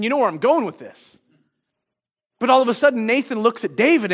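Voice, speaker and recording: A man's voice: high-pitched, animated, fairly quick. A male pastor preaching a sermon, retelling a story and acting out the quoted lines, often restarting his phrases.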